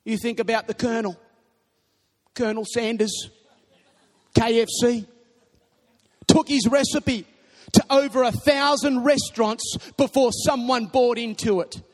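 A young man preaching a sermon, telling stories animatedly and breaking into shouts. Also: very high voice, measured pace, pauses often. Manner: animated storytelling, bursts into shouting. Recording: long reverb of a large hall.

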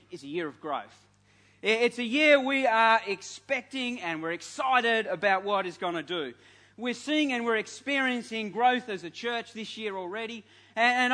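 Male pastor, high bright voice, earnest sermon with frequent restarts, church setting. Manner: earnest, halting with repeated restarts.

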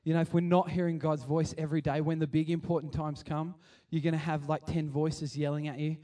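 A man giving a chatty, animated sermon and acting out the scenes he tells. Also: on the high side, a little fast, far from the mic. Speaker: preacher. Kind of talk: casual sermon.

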